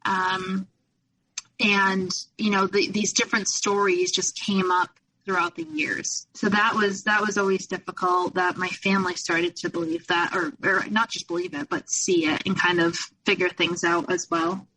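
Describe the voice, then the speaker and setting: A woman's voice: fairly low pitch, fairly even intonation, moderate pace, sharp tone, distant mic, rough recording. A young adult woman, a podcast guest, telling a personal story in a rambling way full of fillers and restarts. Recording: voice a little off-mic.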